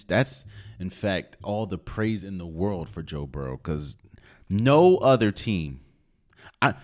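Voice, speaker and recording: A man with a low voice hosts his own sports podcast, talking alone. His pitch swings widely as he pushes his opinions hard, jumping to loud emphatic peaks and then dropping to quiet asides. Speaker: podcast host. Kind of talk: solo sports commentary podcast.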